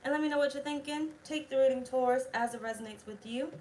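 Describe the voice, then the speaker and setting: A woman's voice: high voice, quick pace, darkish tone, a little hiss or hum. A woman talking casually as a tarot reader, blunt, chatty and full of swearing. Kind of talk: casual tarot video chat.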